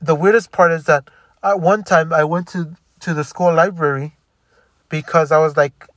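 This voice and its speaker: Young man venting about his past, bitter and profane, rambling, somewhat high pitch, dry recording. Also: fairly even intonation, moderate pace, a bit bright, no room sound. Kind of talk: angry personal storytelling monologue.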